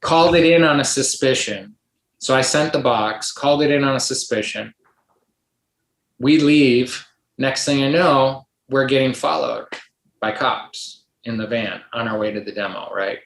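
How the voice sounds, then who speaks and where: A man's voice: medium pitch, a little slow, gravelly. A middle-aged man, a podcast guest, telling a long story in a rambling casual way, full of likes and ums, acting out the voices of others. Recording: roomy echo.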